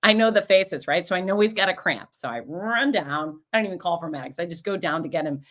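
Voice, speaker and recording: A woman hosting a show, telling stories in a casual, animated way and acting out the voices of the people in them. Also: fairly low pitch, fast. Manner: animated, acts out quoted voices. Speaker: podcast host and race announcer. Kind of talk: casual storytelling recap.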